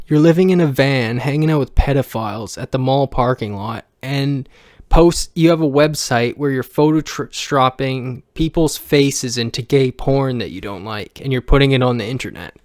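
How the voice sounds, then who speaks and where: Brief: male vlogger, raw profane rant, smooth clear voice, dry close sound. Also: medium pitch, unhurried, no room sound. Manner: blunt, heavily profane, emotional venting; rambling with frequent restarts. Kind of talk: personal rant to camera.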